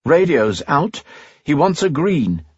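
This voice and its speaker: An audiobook reader voicing a tense English helicopter captain who speaks in a clipped, understated way. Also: male voice, on the high side, breathy edge, dry recording, dull audio, pitched above the performer's own voice, exaggerated voice. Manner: clipped, deliberately flat.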